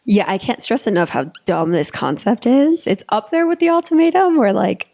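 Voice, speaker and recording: A young woman co-hosting a podcast with a raspy voice, chatting in a blunt, wry way. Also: a little high, big pitch swings, normal speed, hardly any pauses, darkish tone. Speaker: podcast co-host, pelvic physical therapist. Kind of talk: casual chat.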